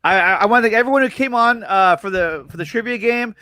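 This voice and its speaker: A man's voice: high voice, fast, bright, forceful tone, no room sound. A man hosting an online talk show, thanking guests and stumbling over his words. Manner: stammering, repeats words. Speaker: host. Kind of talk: casual online show chat.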